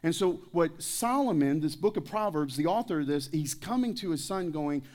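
A man's voice: a little high, expressive, normal speed, a little mellow. A man preaching a sermon at a church service, telling stories with jokes and putting questions to the congregation. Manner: joking, anecdotal storytelling. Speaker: pastor.

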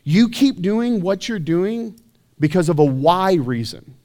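Conversational male pastor, slightly high voice. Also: animated, unhurried, warm tone. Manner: conversational, self-deprecating, rhetorical questions. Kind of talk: sermon. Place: church.

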